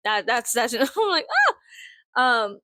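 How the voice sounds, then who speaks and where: A woman in her thirties venting in a casual vlog, blunt, profane and sarcastic, swinging into sudden high laughs. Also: sing-song, takes it slowly, pushed and bright, dry recording. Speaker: vlogger.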